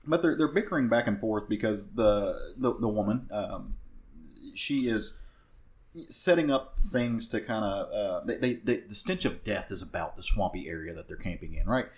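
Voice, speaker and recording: A man's voice: on the low side, expressive, moderate pace. A man with a Southern US accent co-hosting a podcast, recapping a comic book in a rambling casual way with many fillers and restarts. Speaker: podcast co-host.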